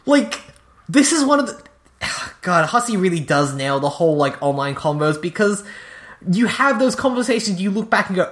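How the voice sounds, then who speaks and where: A woman co-hosting a podcast in casual chat, chatty and quick to laugh, with many "like" fillers. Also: fairly low pitch, sing-song. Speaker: podcast co-host.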